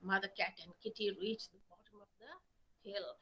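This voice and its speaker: A woman telling stories aloud in an expressive, dramatic way. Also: mid-range voice, low-quality recording. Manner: expressive, slow, dramatic storytelling. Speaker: storyteller. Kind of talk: animated oral storytelling.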